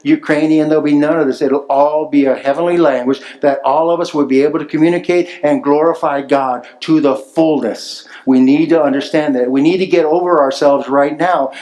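A man's voice: a little high, fairly even intonation, normal speed, few pauses, a little mellow, poor audio. Emphatic male pastor preaching a sermon. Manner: emphatic preaching with repetition, rising on key phrases. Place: church sanctuary.

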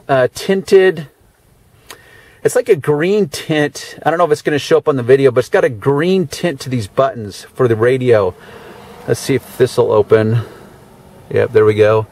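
A man's voice: mid-range voice, a little mellow. A man giving a casual, chatty walkaround of a luxury car as a car detailer, with dry sarcastic asides. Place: in and around a parked car.

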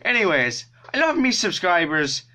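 A man's voice: sits high, big pitch swings, moderate pace, pushed and bright, voice pushed up, exaggerated voice. A man putting on a brash, teasing impression of an Irish male gamer, with a put-on Irish accent. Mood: cocky.

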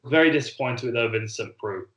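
A man's voice: medium pitch, brisk. Rambling man in an echoey room. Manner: relaxed, rambling, repeats words while thinking. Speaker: podcast co-host, former fighter. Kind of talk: casual chat.

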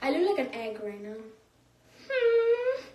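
Young woman, high voice, slow and giggly, slangy livestream chat from a phone in an echoey room. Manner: giggly, slangy, laughs often. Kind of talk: casual livestream chat reading comments.

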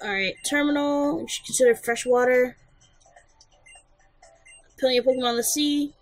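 A woman's voice: high voice, steady tone, moderate pace, rough recording. A woman giving casual, blunt gameplay commentary, joking and swearing freely. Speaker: let's play host.

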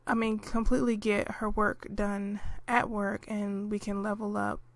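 A woman narrating her life-simulation gameplay in a relaxed, chatty way, with lots of fillers, clearing her throat now and then. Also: mid-range voice, unhurried. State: clearing throat, hiccuping and coughing. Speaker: gameplay commentator.

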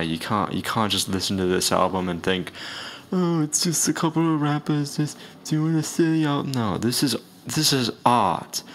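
A man's voice: deep voice, a bit bright, a little hiss or hum. A man in a comedy skit, playing a self-important rapper who lectures earnestly and a bit pompously. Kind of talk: mock-earnest comedy announcement.

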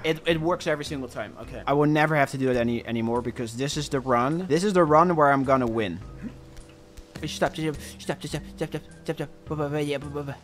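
A young man commentating his own gameplay, excitable and swinging between panic and cocky boasting. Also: a little high, a little fast, soft background music. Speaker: gaming streamer.

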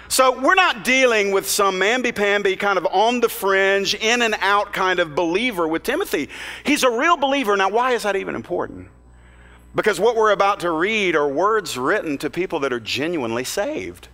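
A man's voice: high-pitched, animated, brisk, pushed and bright. A man preaching a sermon as pastor, earnest and plain-spoken with conversational asides. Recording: long reverb of a large hall.

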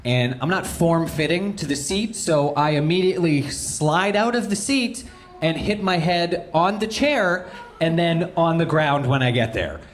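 Animated man telling a story on stage. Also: a little high, unhurried, a little hiss or hum. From Canada. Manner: animated, voice jumps up when excited. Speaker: stand-up comedian telling a story. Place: live comedy venue with audience.

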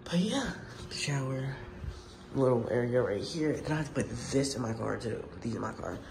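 A young man films himself on a phone, chatting straight to his viewers in a loose, emotional way. His voice sits at a middle pitch, with clear background noise of campus and traffic behind him. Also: lively intonation, normal speed. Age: young adult. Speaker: vlogger. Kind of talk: casual vlog. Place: college dorm and campus, in and out of doors.

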